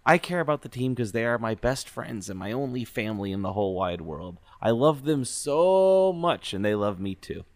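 A man voicing a gentle, newborn female battle droid in a tabletop game, speaking with earnest, simple phrasing. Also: mid-range voice, lively intonation, normal speed, few pauses, no echo, lightly acted. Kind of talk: in-character backstory reading.

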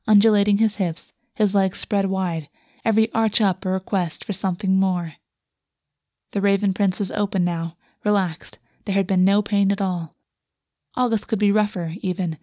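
A woman reading a fantasy romance aloud as narrator, in a soft, steady storytelling voice on a close microphone. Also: medium pitch, dry recording. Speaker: audiobook narrator. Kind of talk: scripted narration.

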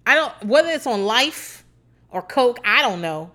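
A young woman from Virginia hosting a podcast, chatting casually, cursing freely, laughing a lot and acting out quotes in a high voice. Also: sing-song, measured pace, bright, forceful tone. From Hampton Roads, Virginia. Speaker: podcast host. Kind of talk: casual storytelling chat.

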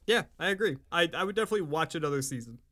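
A man's voice: fairly high pitch, expressive, rapid-fire, bright, forceful tone. A man co-hosting a podcast, chatting casually and easygoing, laughing along and wrapping up the show. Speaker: podcast co-host. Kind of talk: casual chat and podcast sign-off.

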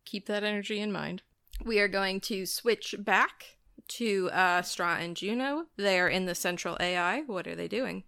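A woman running a tabletop game as game master, calmly prompting the players with questions. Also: medium pitch, moderate pace, creaky, no room sound, studio quality.

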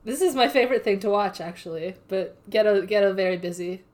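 A woman co-hosting a casual podcast, recapping episodes in a playful, deadpan way with lots of "like". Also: medium pitch, brisk. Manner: playful, deadpan summarizing with frequent "like". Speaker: podcast co-host. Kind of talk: casual anime recap chat.

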